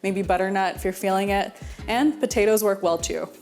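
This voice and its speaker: A young woman from Houston hosts a laid-back cooking tutorial in a chatty, giggly way. Her voice sits at an ordinary middle pitch, with soft music playing faintly behind her. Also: a little fast. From Houston, Texas. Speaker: cooking show host.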